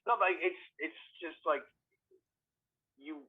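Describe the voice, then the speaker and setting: A man's voice: a little high, slow pace, breathy edge. Profane rambling man on a tinny line. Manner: rambling, profane, many fillers. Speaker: podcast co-host. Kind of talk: casual chat.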